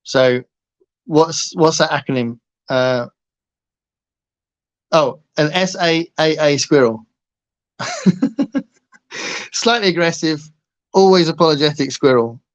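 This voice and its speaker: With a fairly high voice, a man talks slowly and leaves long pauses while hosting a livestream. He's casual and playful with viewers, laughing often and rambling, and the audio comes through muffled and lo-fi.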